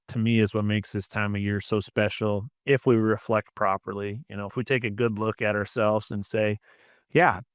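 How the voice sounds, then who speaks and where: A man's voice: lowish voice, clean tone, no room sound, studio quality. A man, co-hosting a casual faith-based chat and rambling with frequent "you know" fillers. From Minnesota. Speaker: podcast co-host.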